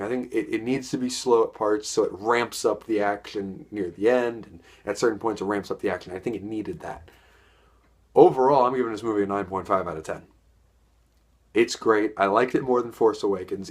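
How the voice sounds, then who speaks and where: A young man giving a casual, enthusiastic spoken film review, rambling and repeating words as he goes. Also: on the low side. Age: young adult.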